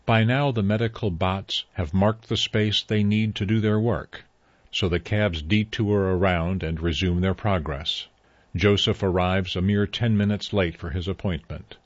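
A man reading a story aloud in a measured, even way. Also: low-pitched, dry recording, highs cut off. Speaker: narrator. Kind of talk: scripted story narration.

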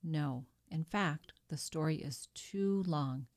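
A greedy, anxious innkeeper who wavers as he talks, put on by a woman reading a storybook. His voice sits low, and he grasps at every chance of gain. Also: takes it slowly, a little mellow. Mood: wary. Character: greedy anxious male innkeeper, middle-aged.

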